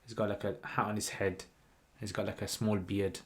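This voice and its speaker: A man's voice: on the low side, normal speed. Man telling a story. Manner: rambling, animated retelling with many "like" and "you know" fillers. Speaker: channel host. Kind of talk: livestream storytelling.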